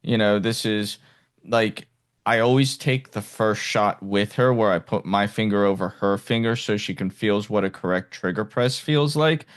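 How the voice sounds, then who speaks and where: A man hosting a podcast in casual conversation, talking haltingly with frequent restarts and fillers. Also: fairly low pitch. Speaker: podcast host. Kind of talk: casual interview chat.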